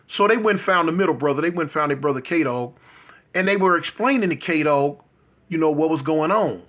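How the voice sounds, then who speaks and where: Higher-voiced male street storyteller. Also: moderate pace, a bit bright. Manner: loose, conversational, frequent asides to the listener.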